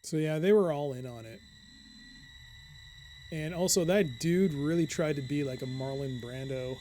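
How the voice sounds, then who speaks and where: A man streaming a game live, thinking out loud in a chatty way and reading item descriptions aloud. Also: a little high, normal speed, a little hiss or hum. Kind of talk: casual live game commentary.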